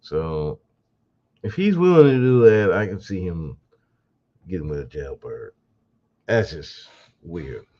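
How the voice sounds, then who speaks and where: Male podcast host, low voice with lively swings, sarcastic solo commentary, dull lo-fi sound. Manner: mocking, sarcastic, laughing asides. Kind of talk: casual commentary monologue.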